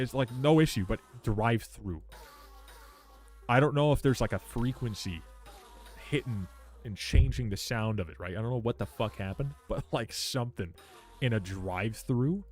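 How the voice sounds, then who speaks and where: A man's voice: on the low side, a little mellow. Profane rambling streamer guy. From Canada. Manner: rambling, profane ranting while reading chat. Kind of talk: casual live-stream chat.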